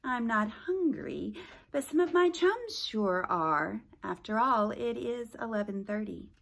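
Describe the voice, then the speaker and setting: A woman's voice: a little high, sing-song, a little slow, gravelly, a bit bright, exaggerated voice. Woman doing a smarmy, oily teenage boy. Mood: smarmy, polite. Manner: oily, overly polite sucking up. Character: smarmy, fawning teenage boy, fake-polite.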